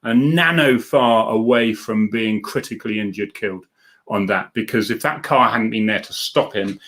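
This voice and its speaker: A man's voice: lowish voice, moderate pace, a bit bright. Chatty middle-aged man hosting a live stream. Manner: chatty, jokey, anecdotal, reads viewer comments aloud. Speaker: livestream host, former police officer. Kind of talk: casual live stream chat.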